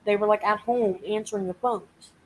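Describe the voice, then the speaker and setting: A woman's voice: medium pitch, fairly even intonation, moderate pace, a little mellow, a little hiss or hum, poor audio. A woman hosting a casual live chat, venting and swearing as she animatedly retells a frustrating week. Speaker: live stream host.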